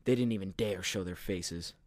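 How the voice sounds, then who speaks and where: A man's voice: low voice, moderate pace, darkish tone, no echo, natural voice. A man voicing a friendly, easygoing young male apprentice cat. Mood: encouraging.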